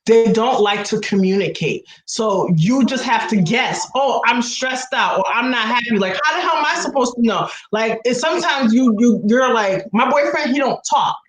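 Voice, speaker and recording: A woman's voice: on the high side, expressive, normal speed, hardly any pauses, reverberant, slight background noise, low-quality recording. A woman in casual chat, rambling with frequent restarts and acting out what others said.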